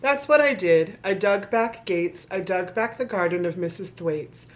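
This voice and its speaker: A woman speaking at medium pitch and a slightly slow pace reads a rhyming kids' book for her viewers. Between lines she interrupts herself often with teasing, sarcastic commentary.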